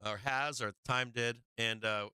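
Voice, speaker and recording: A man with a piercing, bright voice and a smooth, clean tone tells a long story in a loose, rambling way. He swears freely, trips over his own words, and keeps circling back before getting to the point. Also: mid-range voice, fairly even intonation, moderate pace, dry recording. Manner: rambling, profane, repeats himself, chuckles often. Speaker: live-stream market show host. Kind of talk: casual anecdote telling.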